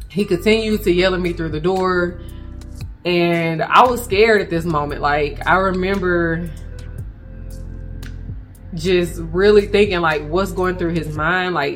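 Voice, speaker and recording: A woman with a fairly low voice, telling a personal story on her podcast. She talks casually and candidly, full of "like" and asides to her listeners. Faint music plays softly behind her. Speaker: podcast host.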